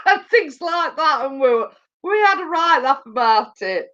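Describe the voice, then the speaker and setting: Lady nattering away slow on a stream, keeps cracking up, kinda muffled lo-fi sound. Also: sits high, very animated, a bit bright. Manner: chatty, laughs often, gossipy storytelling. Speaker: YouTube live streamer. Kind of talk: casual chat with viewers. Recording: dull lo-fi sound.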